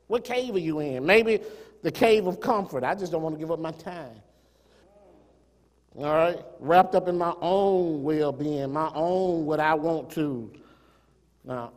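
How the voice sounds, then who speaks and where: A man preaching a sermon, firing rhetorical questions at the congregation, swelling to emphatic peaks and then dropping to quiet asides. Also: high-pitched. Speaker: pastor. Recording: long hall reverb.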